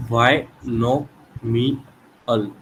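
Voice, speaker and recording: A man's voice: medium pitch, steady tone, extremely slow, fairly bright tone, slight background noise, poor audio. A man answering as a student in a class, giving short, hesitant answers.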